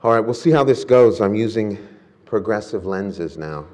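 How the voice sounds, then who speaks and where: A man preaching a sermon who prays quietly and reverently, then tells a story in a lively way. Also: fairly low pitch, moderate pace. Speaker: pastor.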